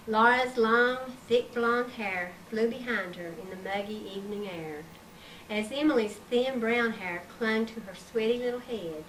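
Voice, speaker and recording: A woman reading her own story aloud in a measured, expressive way, recorded on an old tape. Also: fairly high pitch. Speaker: author reading her book. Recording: distant mic, faint hiss, 1990s tape.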